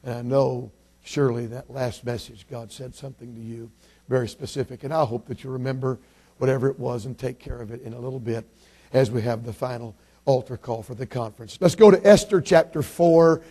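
A man from Illinois, a visiting Baptist preacher, moving from quiet thanks to loud, emphatic preaching and King James scripture reading. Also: mid-range voice. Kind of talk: sermon.

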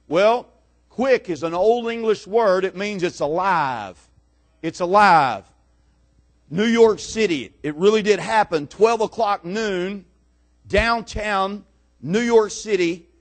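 A man preaching a sermon, moving from calm scripture reading to loud, dramatic storytelling with repeated phrases. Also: sits high. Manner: builds from calm to shouting storytelling; dramatic, repetitive preaching cadence.

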